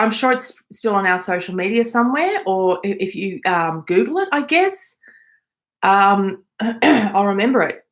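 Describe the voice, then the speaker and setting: Aussie woman chatting on a live stream from home, reading out comments. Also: medium pitch. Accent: Australian. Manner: chatty, reads out viewer messages. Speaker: podcast host. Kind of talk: casual live chat.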